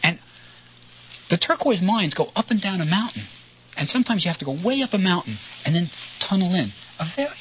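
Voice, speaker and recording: Animated, bright-voiced male lecturer. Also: high-pitched. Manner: animated, conversational, frequent "right?" asides. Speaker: lecturer on ancient history. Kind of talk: storytelling lecture. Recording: slightly dull lo-fi recording with faint noise.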